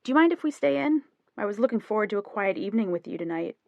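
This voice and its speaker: A woman's voice: mid-range voice, lively intonation, fast talker, creaky, dry recording, lo-fi sound. A woman reading the lines of a playful young husband in an audiobook, joking and teasing. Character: easygoing playful young husband, rock musician.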